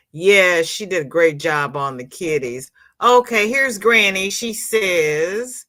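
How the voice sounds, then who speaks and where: A woman hosts a casual live stream, chatting with viewers and reading their comments aloud with playful asides. She talks at an unhurried, slow pace. Her voice is bright and clear. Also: medium pitch. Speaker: crochet live stream host. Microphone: computer mic on a live stream.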